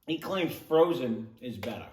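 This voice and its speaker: A man's voice: medium pitch, animated, a little slow, a little mellow, recorded from a distance, slight background noise. Chatty, opinionated man reviewing snacks. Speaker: food reviewer co-host. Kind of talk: casual food review. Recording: echoey room.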